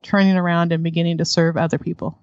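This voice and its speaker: A woman with a fairly low voice talks candidly, laughing often as she tells stories from home. The sound is dry and a little dull. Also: level tone, fast, darkish tone, clean tone, no echo. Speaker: guest, adoptive homeschooling mother. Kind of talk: conversational interview.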